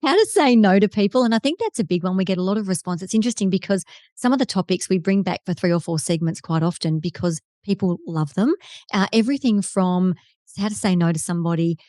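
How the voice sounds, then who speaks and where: An Australian woman, a TV presenter and keynote speaker, telling an effusive, animated story in a podcast interview. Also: medium pitch, fast, no echo, studio quality. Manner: effusive, animated storyteller who voices quoted people. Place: podcast studio.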